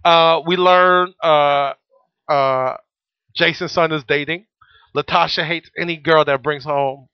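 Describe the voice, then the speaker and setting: Casual guy co-host, bit high voice, dry close sound, storytelling loud and crude. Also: slow, clean tone, dry recording. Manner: profane, joking, animated storytelling. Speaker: podcast co-host. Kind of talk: casual chat. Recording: muffled lo-fi audio.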